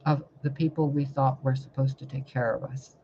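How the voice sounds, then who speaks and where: A woman's voice: rumbling low, flat delivery, moderate pace, warm tone, muffled recording, slight background noise. A woman tarot reader giving an impassioned spiritual monologue, fiery and confrontational, full of swearing and rhetorical questions.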